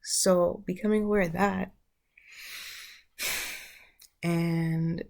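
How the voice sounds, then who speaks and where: Woman, gravelly voice, lowish pitch, casual spiritual talk, thinks aloud. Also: fairly even intonation, measured pace, a little mellow. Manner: loose, searching, thinks aloud. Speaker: vlogger.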